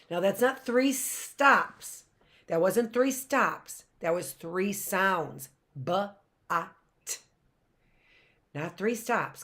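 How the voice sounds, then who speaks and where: Slow-talking woman teaching phonics. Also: on the low side, fairly bright tone. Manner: slow, sounding out words syllable by syllable. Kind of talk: phonics lesson for young children.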